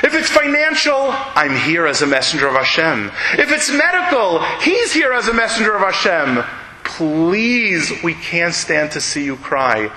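A man's voice: a little high, sing-song, unhurried, bright, forceful tone, reverberant, a little hiss or hum, pitched above the performer's own voice, exaggerated voice, rough recording. A man voicing a very wealthy American man who pleads urgently and insistently. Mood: pleading.

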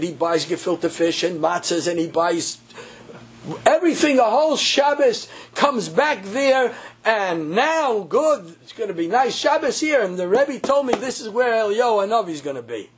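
A man telling a story in a sermon, animated and repeating phrases for emphasis. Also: sits high, normal speed, husky. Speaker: religious teacher.

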